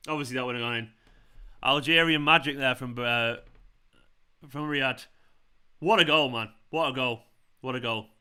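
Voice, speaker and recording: In this live match watchalong, a football fan channel host with a smooth, medium-pitched voice talks at a moderate pace, pausing often. He rants, curses the referees, and yells in celebration.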